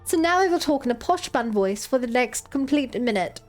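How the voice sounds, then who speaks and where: A chatty woman streamer who rambles and laughs easily while she plays. Her voice is high-pitched. Faint game music runs behind her. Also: animated, moderate pace. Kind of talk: casual live-stream commentary.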